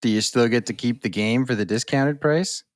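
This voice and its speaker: A man co-hosting a podcast in casual chat, laid-back and joking about being a boomer. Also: moderate pace, no room sound, studio quality. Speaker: podcast co-host.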